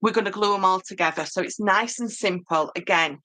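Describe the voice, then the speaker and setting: A woman's voice: mid-range voice, brisk, bright, forceful tone. A woman with a Yorkshire accent giving a chatty live-stream papercraft tutorial, answering viewer comments with lots of ums. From Yorkshire, England.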